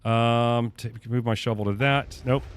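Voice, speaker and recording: Live survival gameplay commentary from the young streamer, full of profanity, panic, and remarks to chat, plays over faint game music. He speaks a little slowly in a smooth, medium-pitched voice with fairly even intonation.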